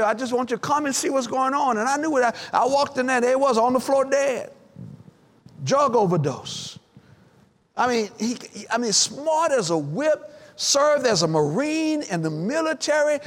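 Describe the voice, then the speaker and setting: A man preaches a sermon, his voice sitting unusually high. He stretches out key phrases and stacks repeated lines to build intensity. Long reverb from a church sanctuary trails every word. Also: a bit bright. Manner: preaching with dramatic pauses and rising repeated lines. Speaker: pastor.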